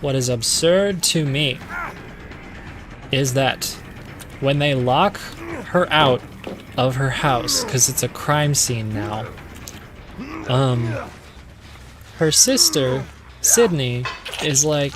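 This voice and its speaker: A man's voice: medium pitch, slow pace, pauses often, noisy background. Rambling young male streamer swearing casually. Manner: rambling, swearing, distracted by game. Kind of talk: casual movie recap while gaming.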